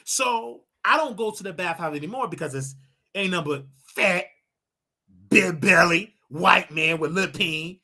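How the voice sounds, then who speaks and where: A man hosting his own show, ranting and preaching to his audience in a casual, animated way with loud outbursts. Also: high voice, moderate pace. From United States. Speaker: show host. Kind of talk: casual livestream rant.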